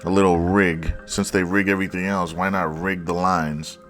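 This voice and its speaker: A man's voice: deep voice, flat delivery, normal speed, fairly bright tone, faint music behind. A man giving a casual, sarcastic breakdown of football plays, mocking the mistakes bluntly as he analyzes the film.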